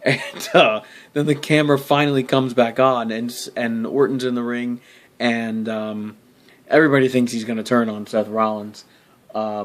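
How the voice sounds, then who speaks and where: Here a man recaps wrestling with a steady tone, medium pitch and moderate pace. The vlogger's delivery is casual and profane, cluttered with fillers and restarts and broken up by sudden loud, exasperated outbursts.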